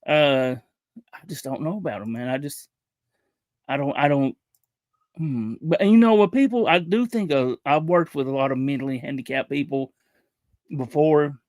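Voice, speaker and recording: Halting, higher-voiced male streamer. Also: a little mellow, dry recording. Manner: halting, repeats words and restarts often. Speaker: livestream host. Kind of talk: casual livestream chat.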